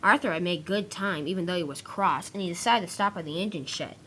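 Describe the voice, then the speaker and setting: A woman's voice: lowish voice, fast talker, bright, forceful tone, slight background noise. A woman narrating a homemade toy-train story, improvising and restarting her sentences as she goes.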